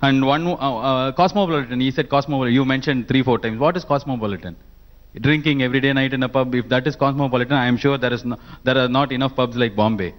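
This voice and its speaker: A male panelist talks quickly, cracking jokes as he goes. His answer rambles and he keeps restarting sentences. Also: mid-range voice, highs cut off.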